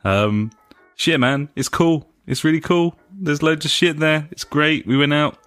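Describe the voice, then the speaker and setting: A man's voice: a little high, measured pace, fairly bright tone, no room sound. A man in his thirties co-hosting a casual podcast, laid-back and jokey, swearing freely. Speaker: podcast co-host. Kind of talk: casual banter.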